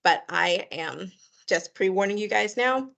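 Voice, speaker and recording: A woman runs a volunteer briefing over a video call in a friendly, chatty way. Her voice carries a gravelly edge, and she leans on fillers and says her requests twice. Her pitch sits in an ordinary middle range. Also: lively intonation, measured pace, a bit bright. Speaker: volunteer coordinator. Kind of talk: online meeting briefing.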